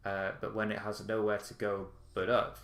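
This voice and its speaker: A man's voice: fairly low pitch, monotone, moderate pace, fairly bright tone, roomy sound. A man narrating as game master of a tabletop game, rambling with frequent ums and restarts.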